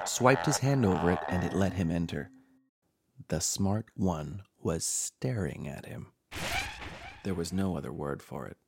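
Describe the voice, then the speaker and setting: A man hosting a horror podcast, reading a scripted horror story with dramatic, measured delivery. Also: low-pitched, vocal fry, husky, no echo. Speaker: horror podcast host and narrator. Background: faint music.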